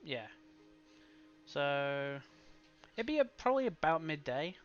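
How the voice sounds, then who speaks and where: A man narrating a tabletop game as game master, halting with fillers and chuckles. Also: fairly high pitch, sing-song. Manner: halting, lots of fillers and laughs. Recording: dull lo-fi audio with background music.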